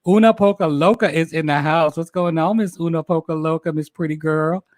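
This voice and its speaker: A man's voice: fairly high pitch, fairly even intonation, a little fast, a little mellow, dry recording, studio quality. A man in his forties hosting a casual livestream, chatting with viewers, laughing often and stumbling over his words. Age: 40s. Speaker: host.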